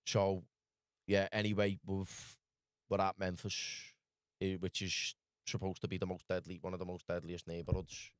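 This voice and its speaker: A Scouse man from Liverpool spins a loose, rambling story as a podcast guest, dropping "lad" into nearly every line. His voice sits fairly low, and the sound is dry and close. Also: level tone, normal speed, clean tone, dry recording. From Liverpool, England. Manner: rambling, full of "lad" and "do you know what I mean". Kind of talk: casual storytelling.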